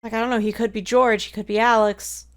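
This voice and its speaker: A woman's voice: fairly high pitch, level tone, brisk. A woman streaming a video game, casually musing aloud to herself and laughing at her own guesses. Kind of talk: casual gameplay commentary.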